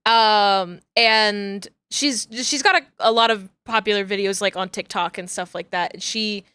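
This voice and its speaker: A woman's voice: mid-range voice, unhurried, bright, forceful tone, clear, resonant tone, dry recording. A young adult woman streamer chatting casually and rambling with many fillers while playing a game. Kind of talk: casual chat while gaming.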